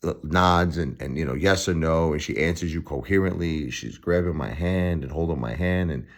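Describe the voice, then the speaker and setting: Deep-voiced Brooklyn man, blunt and heartfelt. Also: moderate pace. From Brooklyn, New York. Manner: blunt, heartfelt, talks in repeated phrases with wry laughs. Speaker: vlogger. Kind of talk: emotional late-night vlog.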